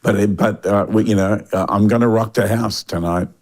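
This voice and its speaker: An older man with an Australian accent, a musician guest telling animated stories and acting out the people he quotes. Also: lowish voice, normal speed. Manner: animated storyteller, acts out quoted voices, frequent restarts. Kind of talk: relaxed storytelling interview.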